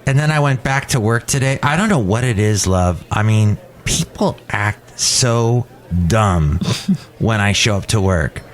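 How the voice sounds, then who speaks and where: A man's voice: fairly low pitch, animated, measured pace, a little hiss or hum. A man hosting a podcast, telling rambling, playful stories in casual chat at a cafe. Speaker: podcast host.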